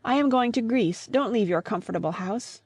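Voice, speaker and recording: A woman's voice: a little high, expressive, moderate pace, darkish tone, slightly rough, pitched above the performer's own voice. A woman voicing a flustered, proper young lady in an audiobook, exclaiming in a raised voice. The sound is dry and close, with no room echo. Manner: agitated, exclaiming. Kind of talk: audiobook reading.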